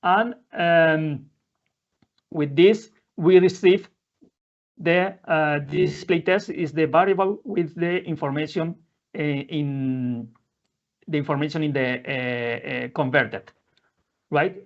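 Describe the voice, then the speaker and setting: A man presenting a live software demo in non-native English, halting often with fillers and restarting his sentences. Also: fairly high pitch. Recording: dull lo-fi audio.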